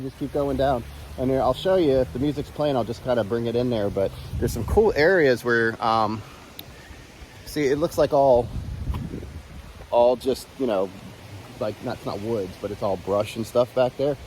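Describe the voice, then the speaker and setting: A man's voice: on the low side, slight background noise. Easygoing man rambling on a walk. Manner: rambling, easygoing, many fillers. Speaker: reaction channel host. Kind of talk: casual walk-and-talk vlog. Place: outdoors on a walking trail.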